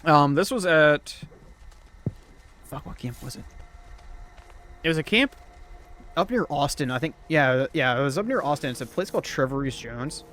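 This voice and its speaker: A man's voice: a little high, lively intonation, moderate pace, long pauses, fairly bright tone. A young man telling a rambling story in casual chat, swearing, laughing often and full of fillers. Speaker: storyteller host.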